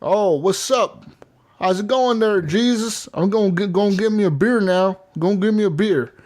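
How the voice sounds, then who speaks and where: A man's voice: high voice, normal speed, a little mellow, voice pushed up, close to an everyday voice. A man imitating rowdy, joking redneck gamer men with a Southern US accent, speaking with a drawl. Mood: laid-back.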